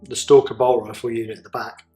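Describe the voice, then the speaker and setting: A man playing as a guest in a tabletop wargame, explaining rules matter-of-factly with dry, deadpan quips. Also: mid-range voice, fast, faint music behind. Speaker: guest player. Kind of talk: casual game commentary. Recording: roomy studio echo.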